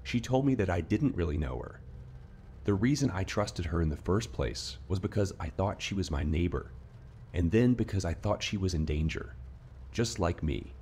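A man reading a scripted horror story in a steady, measured narrating voice. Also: sits low, slight background noise. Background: faint rain ambience.

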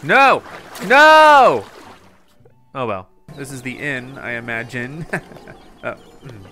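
A man giving casual let's-play commentary over a video game. He is excitable, laughs often and yelps out exclamations. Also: mid-range voice, unhurried, noisy background. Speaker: gameplay channel host.

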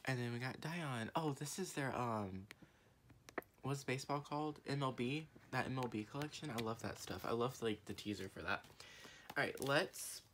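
Very low-voiced chatty young woman. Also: moderate pace, a little hiss or hum. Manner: chatty, rambling with many fillers and restarts; gushing fan, swings from low murmuring to excited squeals. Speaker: vlogger. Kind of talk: casual unboxing haul vlog.

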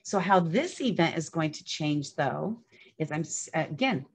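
A woman's voice: deep voice, animated, unhurried, husky. A woman in her fifties hosting an event, speaking candidly and enthusiastically in a casual motivational talk, often repeating herself. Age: 50s. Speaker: event host.

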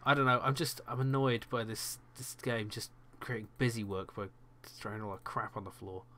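A man's voice: medium pitch, steady tone, moderate pace, a bit bright. A man talking casually over a video game in a mid-range voice, wry and a bit grumbly, laughing now and then. A faint noise floor sits under the voice. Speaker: let's play host. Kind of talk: casual gameplay chat.

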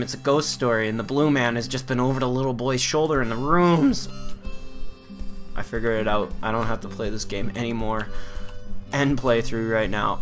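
Playful man joking through a game. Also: medium pitch. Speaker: gamer. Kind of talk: let's play commentary. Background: game music.

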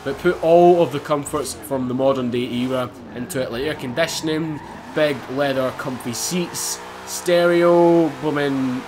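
A young man giving excitable, casual commentary over his racing game, swearing and laughing as he drives. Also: fairly high pitch, background noise. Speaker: gaming YouTuber. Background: game music and car engines.

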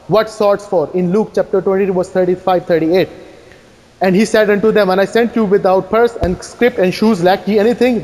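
A man giving a fast, insistent debate rebuttal, firing challenging questions at his opponent. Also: high-pitched, darkish tone. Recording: echoey hall reverb.

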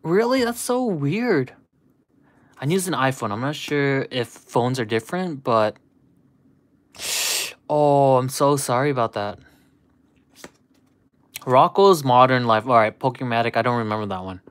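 This livestream host has a medium-pitched, animated voice and speaks unhurriedly with frequent pauses, with no room sound. He chats nostalgically and casually with viewers, rambling along and dropping "dude" constantly.

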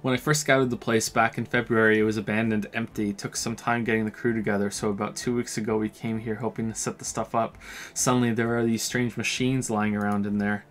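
A man voicing a laid-back young male drifter in a video game, who talks in a quiet, flattering way. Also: on the low side, brisk, soft background music, close to an everyday voice.

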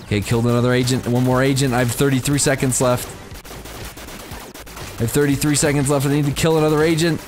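A young man commenting on a game as he plays, giddy and breaking into high-pitched squeals of surprise. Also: fairly even intonation, fast talker, darkish tone, a little hiss or hum. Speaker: gameplay commentator. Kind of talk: excited let's-play commentary.

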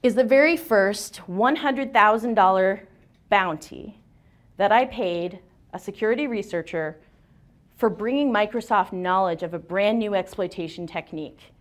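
A woman in her forties giving a lively, joking seminar talk in a lecture room. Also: medium pitch, unhurried. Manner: lively, joking, self-deprecating. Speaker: seminar speaker. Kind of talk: conference talk.

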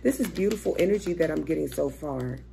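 A woman's voice: deep voice, lively intonation, quick pace, creaky, mellow. A young woman doing a casual, chatty tarot reading, swearing freely and thinking aloud as she turns cards. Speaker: tarot reader.

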